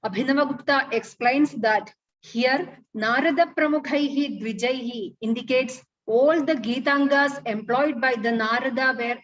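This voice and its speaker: Woman, formal paper reading, distant dull recording. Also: a little high. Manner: measured formal reading, recites Sanskrit verses. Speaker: academic paper presenter.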